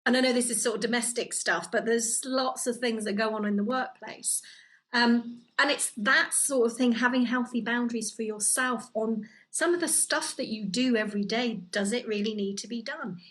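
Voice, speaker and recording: A woman's voice: on the high side, normal speed, a bit bright, low-quality recording. Earnest woman co-host giving advice. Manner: earnest, advice-giving, many fillers and restarts. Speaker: podcast co-host. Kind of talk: casual conversational chat. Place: living in Italy.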